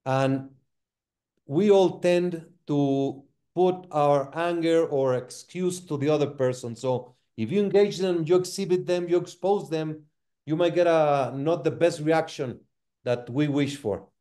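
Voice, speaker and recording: A man hosting a referee masterclass, moderating in a measured, unhurried way. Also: a little high, dark tone. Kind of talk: online seminar discussion.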